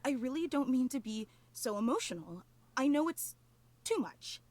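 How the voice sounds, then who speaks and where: High clingy superfan girl, gushy, teary, says sorry a lot. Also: very animated, moderate pace, darkish tone, no echo. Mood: gushing. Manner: gushing, tearful and over-apologetic. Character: clingy, emotional obsessive female superfan. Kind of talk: video game voice acting.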